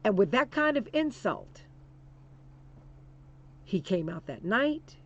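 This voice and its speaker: A woman's voice: medium pitch, very animated, slow pace, lo-fi sound. A woman hosting a political talk show, speaking with emphatic, preacher-like repetition and calling listeners "honey". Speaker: radio talk show host.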